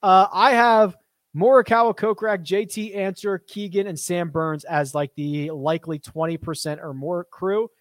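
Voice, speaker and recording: Young male stream host, high-pitched, dry close sound, chatty and self-deprecating. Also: steady tone, moderate pace, no room sound. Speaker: host of a fantasy golf stream. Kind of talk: casual live-stream Q&A reading chat.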